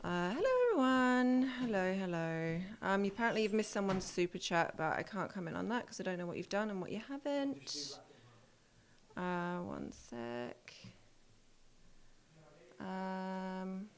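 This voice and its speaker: A woman's voice: mid-range voice, lively intonation, a little slow. A woman taking over a home live stream, casually and a bit unsurely answering viewers' questions. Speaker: stand-in stream host.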